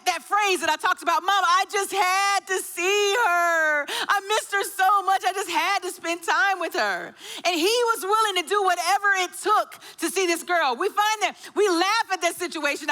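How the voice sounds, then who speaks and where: High bright-voiced woman preaching. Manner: storytelling with acted quotes. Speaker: pastor. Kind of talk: sermon. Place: church.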